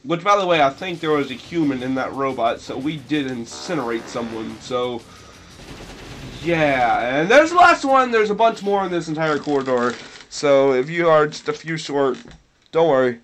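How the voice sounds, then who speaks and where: A man's voice: a little high, lively intonation, normal speed, a bit bright, slight background noise. A young man commenting on a video game he is playing, rambling and sarcastic, with sudden mock-dramatic outbursts. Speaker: let's play commentator. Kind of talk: gameplay commentary.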